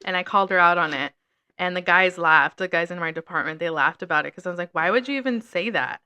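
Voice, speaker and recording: A young woman co-hosting a casual chat, telling a work story in a lively way and swearing often. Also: on the low side, fast, clean tone. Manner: animated storytelling with frequent swearing. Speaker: podcast co-host.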